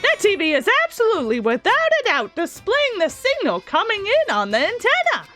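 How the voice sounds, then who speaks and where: A woman's voice: very high voice, wildly swooping pitch, moderate pace, bright, forceful tone, soft background music, voice pushed up, heavily acted. A woman voicing a gleeful, crude male robot bear mastermind who cackles and taunts in a video game. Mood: mocking.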